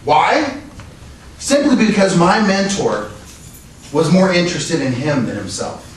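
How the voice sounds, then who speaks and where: A man with a fairly high voice delivers an earnest prepared speech at a club meeting. He asks the room rhetorical questions as he goes. He is recorded from a distance in a very echoey room. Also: very animated, measured pace. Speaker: Toastmasters speaker. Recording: echoey room, distant mic, faint noise.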